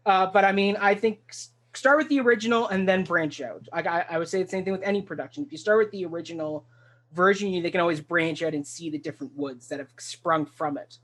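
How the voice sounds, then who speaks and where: An eager talk show host who rambles happily through a casual discussion. Sentences often restart mid-thought. The voice sits at a middling pitch. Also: fast talker, fairly bright tone. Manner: enthusiastic, rambling and full of restarts. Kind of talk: casual discussion of a stage musical.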